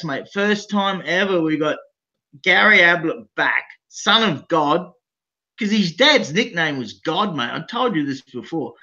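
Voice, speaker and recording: A man with an Australian accent giving blunt, excitable betting picks in casual chat, calling everyone mate and swearing freely. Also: fairly high pitch, highs cut off. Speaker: guest betting analyst.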